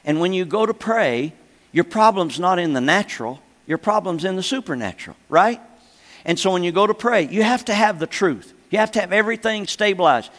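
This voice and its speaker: Older pastor preaching in a reverberant hall. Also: male voice, high voice, expressive, a little fast, fairly bright tone. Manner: emphatic, repeats phrases, calls for "Amen?". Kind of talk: sermon teaching.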